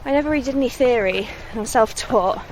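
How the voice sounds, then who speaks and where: A young woman from the West Midlands, a singer-songwriter, talks modestly in a slightly high voice and laughs easily. She is recorded outdoors on a country walk. Faint traffic hum and outdoor air sit behind her. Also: fast talker, a little mellow. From West Midlands, England. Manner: chatty and modest, laughs often. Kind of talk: casual outdoor interview on a walk. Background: faint outdoor ambience and distant vehicles.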